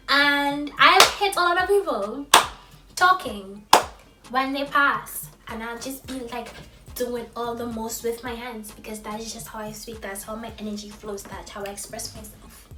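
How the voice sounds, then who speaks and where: A woman from Trinidad talking straight to camera in a casual vlog, very expressive and sometimes dropping to a soft near-whisper. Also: on the high side, measured pace, reverberant, far from the mic. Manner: expressive, softens into near-whisper when vulnerable. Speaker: vlogger. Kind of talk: casual direct-to-camera monologue.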